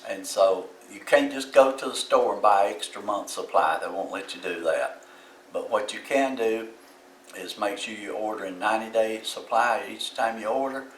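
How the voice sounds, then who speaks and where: A man's voice: lowish voice, a bit bright, echoey room, distant mic, slight background noise, rough recording. A man with a Southern US accent giving plain, folksy advice as a video host, recorded in his home kitchen. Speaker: YouTube host. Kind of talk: casual how-to talk.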